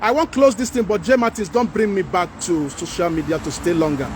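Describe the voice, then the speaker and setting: A man with a Nigerian accent hosting a livestream, talking to viewers and reading their comments in an animated, pleading way. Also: high voice, fairly quick, noisy background. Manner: animated, pleading, mixes in Pidgin. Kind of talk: casual livestream talk.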